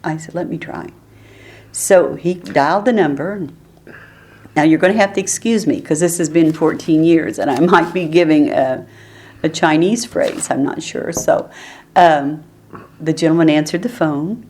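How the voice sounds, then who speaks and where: A woman's voice: low voice, moderate pace, a little mellow. An older woman telling stories in an oral history interview, chatty and often laughing as she talks. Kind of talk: relaxed storytelling.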